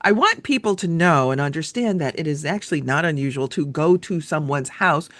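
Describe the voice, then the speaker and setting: A woman host leads a podcast interview in a relaxed, conversational manner, often agreeing with her guest. Her voice is on the lower side and close and dry, with no room echo. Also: fairly quick. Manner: affirming and conversational, with frequent agreement.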